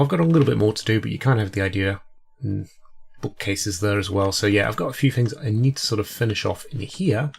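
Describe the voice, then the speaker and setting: A let's play host who is sick with a cold rambles through his gameplay commentary in a fairly low voice with vocal fry. He's chatty and self-deprecating, talking casually as he plays.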